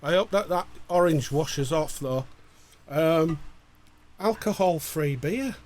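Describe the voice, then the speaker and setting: A man's voice: on the high side, takes it slowly, a little mellow. Man bantering on a livestream. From England. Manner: jokey, bantering, stumbles over names. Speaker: co-host reading out viewer greetings. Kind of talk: casual livestream chat.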